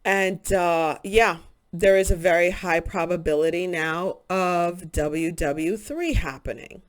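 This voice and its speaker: A woman hosting a spiritual channel, talking in an earnest, halting casual monologue with many pauses and fillers. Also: lowish voice.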